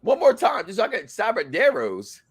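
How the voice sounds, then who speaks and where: A man co-hosting a live review stream, joking in animated, loud-and-soft bursts. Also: sits high, normal speed, breathy edge. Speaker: co-host of a reality show review.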